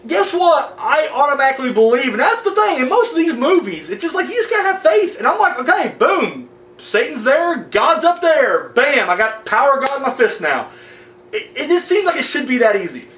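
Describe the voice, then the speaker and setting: A man ranting casually to camera, animated and profane and jokey, with quick acted-out asides. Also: very high-pitched, roomy sound, far from the mic. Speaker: video blogger.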